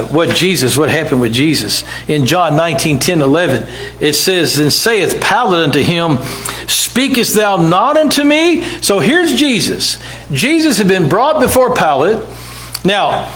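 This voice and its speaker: A man's voice: fairly high pitch, very animated, unhurried, a bit bright, poor audio. A man preaching a sermon in church, dramatically acting out the people in the scripture stories. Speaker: pastor.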